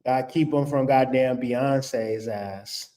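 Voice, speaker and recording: A man's voice: medium pitch, takes it slowly, mellow, pitched below the performer's own voice, close to an everyday voice. A man voicing a deluded young woman who boasts defensively about her boyfriend. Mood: smug.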